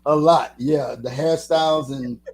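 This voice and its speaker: Older man in his 70s, animated storyteller, casual radio guest, fairly high voice. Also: measured pace. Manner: animated storyteller, slips into impressions. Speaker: guest musician.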